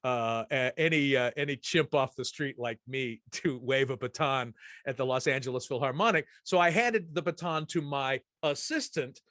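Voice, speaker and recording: A man's voice: mid-range voice, normal speed, fairly bright tone, dry recording, studio quality. A middle-aged man hosting a casual chat, telling a rambling, anecdotal story full of restarts. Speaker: host.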